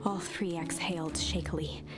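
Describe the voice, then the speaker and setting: A woman narrating a storybook game in a hushed, measured way that drops to a whisper at tense moments. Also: on the low side, steady tone. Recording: game narration over loud music.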